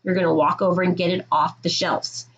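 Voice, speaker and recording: A woman's voice: lowish voice, little pitch movement, brisk, highs cut off. A woman teaching middle school, explaining classroom rules to her students in a firm, direct way and checking in with "okay?".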